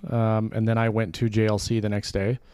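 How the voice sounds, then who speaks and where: A man's voice: fairly low pitch, monotone, a little fast, darkish tone, smooth, dry recording. A man co-hosting a podcast, asking curious questions in casual chat. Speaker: podcast co-host.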